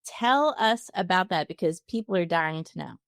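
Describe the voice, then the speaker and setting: A woman's voice: lowish voice, lively intonation, moderate pace, a bit bright, no echo, clean studio sound. A woman hosting a podcast, drawing out her guest with brief encouraging interjections. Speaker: podcast host.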